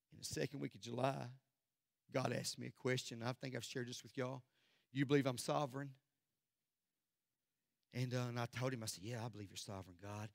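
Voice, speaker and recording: A man preaching a sermon as pastor, swinging from loud declarations to hushed near-whispers. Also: mid-range voice, brisk, vocal fry, pauses often, no room sound, clean studio sound. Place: church sanctuary.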